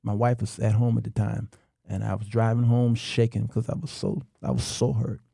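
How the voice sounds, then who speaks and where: A middle-aged man hosting a talk show, delivering a slow, emphatic monologue to men with long dramatic pauses. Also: on the low side, creaky, mellow, slightly rough, dry recording, studio quality.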